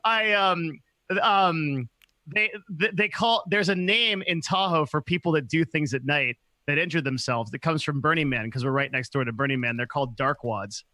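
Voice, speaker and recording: A man hosting a podcast, telling a personal story quickly and animatedly, often laughing as he talks. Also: a little high, bright, forceful tone, dry recording. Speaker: podcast host. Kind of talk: conversational storytelling.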